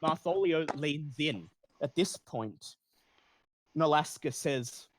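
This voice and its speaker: A man running a tabletop game, narrating scenes in a slightly high voice. He describes each moment plainly and now and then trips over a word before pressing on. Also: animated, takes it slowly, dry recording. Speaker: game master.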